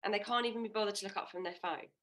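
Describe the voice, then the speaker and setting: A woman's voice: medium pitch, rapid-fire, a bit bright. A middle-aged woman co-hosting a podcast, chatting casually and readily agreeing with her guest. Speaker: podcast co-host.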